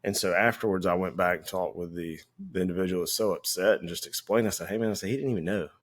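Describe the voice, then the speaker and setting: On a podcast he co-hosts, a firefighter tells a firehouse story in a relaxed, anecdotal way, acting out the lines of the people involved. His voice is low and his pace is quick.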